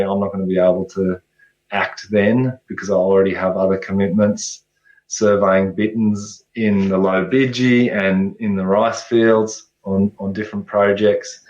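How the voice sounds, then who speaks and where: Aussie guy, lowish voice, friendly guest, echoey dull remote audio. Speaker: guest researcher. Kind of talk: casual interview.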